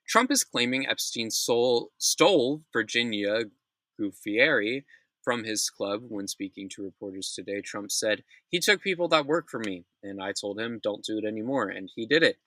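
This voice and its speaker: A young man hosts a casual news recap, speaking bluntly and swearing freely while he stumbles and restarts his sentences. His voice is low and bright with a forceful edge, and it sits dry and close to the mic. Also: lively intonation, moderate pace, dry recording, rough recording. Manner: blunt, profane, opinionated, with frequent restarts. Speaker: news commentary host. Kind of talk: casual news commentary podcast.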